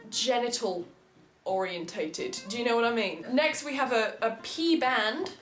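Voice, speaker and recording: Out of breath while exercising at home, a twenty-something woman offers casual vlog commentary, teasing herself and laughing a lot. Her voice is a little high, a little slow, and fairly bright, with reverb and faint music behind her.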